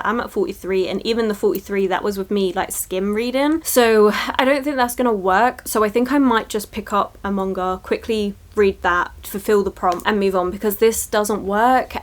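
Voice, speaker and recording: A woman chatting casually in a reading vlog, excitable and rambling, gushing over books and a little tired. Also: medium pitch. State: tired from early shifts. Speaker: book vlogger.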